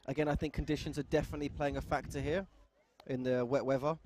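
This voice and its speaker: A man's voice: medium pitch, steady tone, fast, a little mellow, slight background noise. A man doing live sports commentary, teasing his co-host with dry humor and banter.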